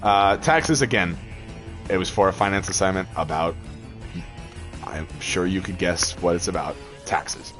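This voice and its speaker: A man's voice: low-pitched, a little slow, over music. A man chatting casually over gameplay, rambling through a story with lots of fillers and laughs. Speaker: gaming channel host.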